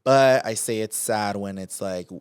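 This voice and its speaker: Low-voiced young male co-host, loose and musing, dry close mic. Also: unhurried, a little mellow, smooth, no echo. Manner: musing, trailing off with many likes. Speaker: podcast co-host. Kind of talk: casual chat.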